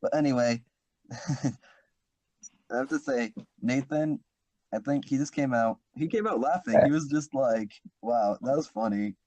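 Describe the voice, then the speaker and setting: A man's voice: mid-range voice, unhurried, pauses often, darkish tone, no room sound. A teenage boy hosting a casual podcast chat with friends, talking easily and laughing often. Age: teens. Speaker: podcast host.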